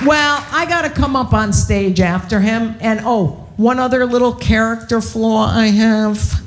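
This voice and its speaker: A woman's voice: on the high side, a little slow, slight background noise. Brash, foul-mouthed woman comic. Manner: brash, profane and self-mocking. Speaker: stand-up comedian. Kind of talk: stand-up comedy set.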